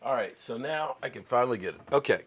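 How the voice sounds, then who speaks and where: A man's voice: mid-range voice, animated, fast talker, slightly rough. A man hosting a casual sports talk video, ranting indignantly and rambling with restarts.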